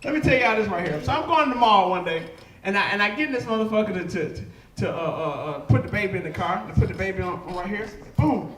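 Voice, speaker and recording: A young man performing stand-up on a comedy club stage, telling profane stories loudly and shouting his punchlines. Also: high-pitched, lively intonation, quick pace, slight background noise. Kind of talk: live stand-up set. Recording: echoey live club room.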